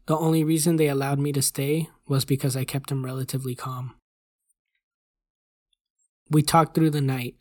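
A host reading a horror story aloud in a measured, even voice at a close mic. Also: medium pitch, no echo. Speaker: host and narrator. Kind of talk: scripted horror story narration.

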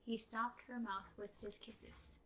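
A woman's voice: medium pitch, steady tone, a little slow, pushed and bright, rough recording. A woman co-hosting a podcast, reading a novel aloud and chatting about it in a wry, easygoing way. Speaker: podcast co-host.

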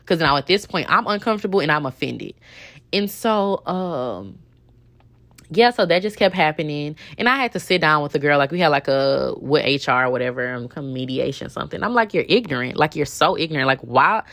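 A woman's voice: low-pitched, lively intonation, a little fast, a bit bright. A young woman hosting a podcast, telling a personal work story in a candid, indignant, chatty way with lots of fillers. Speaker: podcast host. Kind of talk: casual storytelling monologue.

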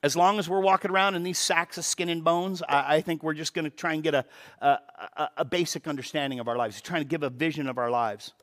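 A man whose voice is a little high preaches at a quick pace as a pastor. The sermon is animated, with rhetorical questions and words repeated as each sentence begins.

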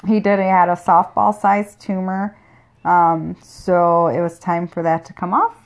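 A woman's voice: lowish voice, little pitch movement, unhurried. A woman co-hosting a casual podcast, telling a story in a joking, profane way. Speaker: podcast co-host. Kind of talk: casual true-crime chat.

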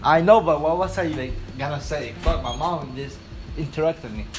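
A man's voice: on the high side, moderate pace. A young man hosting crude casual chat, laughing often and rambling, losing his train of thought. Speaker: host. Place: home room.

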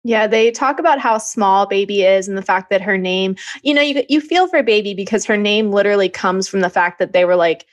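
A woman co-hosting a podcast, chatting casually about a show and often saying "like" in a relaxed way. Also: medium pitch, brisk, hardly any pauses. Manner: relaxed, fills talk with "like". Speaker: podcast co-host. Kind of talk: casual recap chat.

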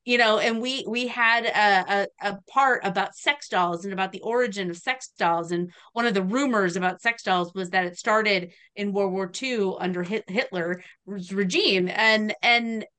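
A woman's voice: mid-range voice, normal speed, hardly any pauses, a bit bright, clean tone. A woman guest podcaster chatting casually, earnestly explaining her point at length. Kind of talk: casual chat.

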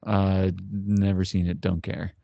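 Skeptical man with a gravelly low voice. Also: monotone, unhurried, mellow, dry recording, muffled recording. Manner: dry, skeptical, stubborn. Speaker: podcast co-host. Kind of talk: casual chat.

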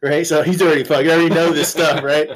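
A man's voice: fairly high pitch, little pitch movement, fast talker. A man guest-hosting a podcast, telling rambling, profane anecdotes in casual chat, with restarts and laughter.

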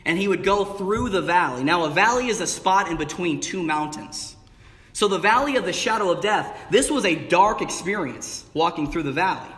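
A young man preaching with a high, bright-pitched voice, bursting into emphatic peaks and calling out to his congregation. His sermon rings through a church hall with a long, echoing reverb. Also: animated, normal speed. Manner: exuberant, rising to emphatic bursts with call-outs of "amen" and "hey". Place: church sanctuary.

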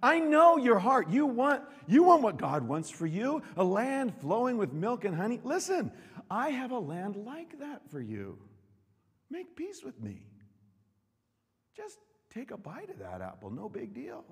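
A man voicing Satan, a smooth tempter who coaxes softly and then sneers in a hushed voice, heard in a reverberant hall. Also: very high-pitched, wildly swooping pitch, unhurried, pitched above the performer's own voice, heavily acted. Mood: coaxing. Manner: soothing and cajoling, turning to a hushed sneer.

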